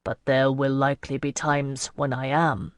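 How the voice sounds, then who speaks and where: A woman doing a quiet, wry young man. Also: very deep voice, level tone, moderate pace, clear, resonant tone, dry recording, pitched below the performer's own voice. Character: young male companion, wry and tender.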